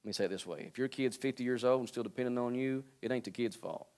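A pastor in his forties preaching a sermon. He jokes with the congregation and calls out to them, swinging between quiet, low asides and loud, high preaching. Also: fast talker. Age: 40s. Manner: joking and calling out to the congregation.

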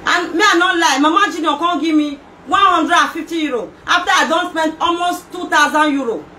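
Her voice is very high-pitched, brisk and bright, with a forceful tone. She's a middle-aged Nigerian woman vlogging an emotional rant in Nigerian Pidgin English, emphatic and full of rhetorical questions, slipping in words from a local language, all in an echoey room with faint background noise.

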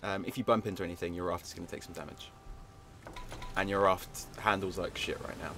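A man's voice: low-pitched, fairly even intonation, quick pace, background noise. A young man casually explaining a game to his friend, laid-back and patient, with plenty of filler words. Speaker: co-host guiding the player.

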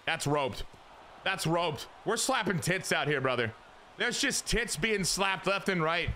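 Excitable, foul-mouthed streamer guy. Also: a little slow, slight background noise. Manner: crude, excitable, jumps to high squeals. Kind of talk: casual gameplay commentary.

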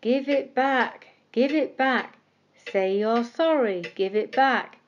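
An old ticking clock from a bedtime story, voiced by a woman, chanting slowly in a raised, sing-song voice. Every word is drawn out like the swing of a pendulum. The recording sounds slightly muffled. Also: on the high side, slight background noise, pitched above the performer's own voice. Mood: admonishing.

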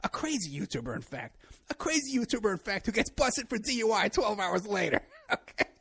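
Gravelly, sarcastic man ranting on his show. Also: high-pitched, very animated, fairly quick, fairly bright tone. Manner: rambling, sarcastic, laughs at his own points. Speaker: show host. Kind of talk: solo monologue commentary.

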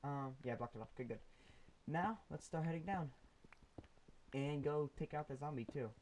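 A young gaming YouTuber casually narrates a Minecraft let's play, rambling with lots of ums to his viewers and to the mobs. His voice is on the high side and a little mellow, at normal speed, on a low-quality recording with a little hiss or hum.

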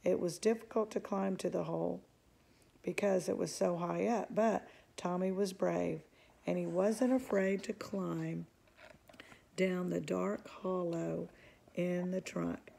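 A woman reading a children's book aloud in a calm, even narrating voice. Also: lowish voice, slow pace, creaky, slightly rough. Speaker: storybook reader.

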